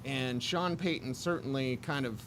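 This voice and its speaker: A man's voice: medium pitch, unhurried. An upbeat man hosting a sports radio talk show, giving confident takes on football players. His voice sits in an ordinary mid range. A faint noise runs under the recording.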